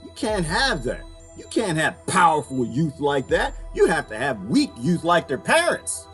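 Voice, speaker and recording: A man from Washington, D.C. giving an animated, ranting commentary, laughing often as he reacts to clips. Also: on the high side, a little slow, soft background music. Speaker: political commentary vlogger.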